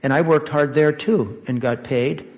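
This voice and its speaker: A slightly slow, somewhat mellow voice on the high side belongs to an older pastor giving a children's sermon. Chatty and quick to chuckle, he asks the kids questions, his voice echoing around the church sanctuary.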